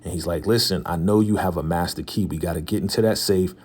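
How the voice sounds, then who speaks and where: Deep-voiced man recapping a TV episode. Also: fast, a little mellow. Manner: retells scenes by quoting characters in loose paraphrase, chuckling often. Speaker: TV recap host. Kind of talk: casual episode recap and review.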